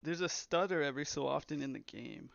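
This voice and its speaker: A man's voice: fairly high pitch, animated, fairly quick, creaky, no echo. A young man who develops games, chatting casually on a live stream, rambling and reading chat aloud. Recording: slightly dull, lo-fi stream audio.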